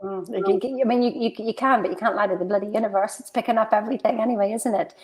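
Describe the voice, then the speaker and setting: A woman's voice: medium pitch, fairly even intonation, rapid-fire. Chatty woman telling stories. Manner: chatty, storytelling, frequent restarts. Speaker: co-host. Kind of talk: casual motivational chat.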